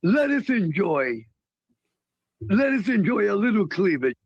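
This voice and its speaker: A leering old man speaks in a slow, high, wobbling drawl, put on by a man. The voice is gravelly and husky, and it sounds close and dry. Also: very animated, dry recording, lo-fi sound, exaggerated voice.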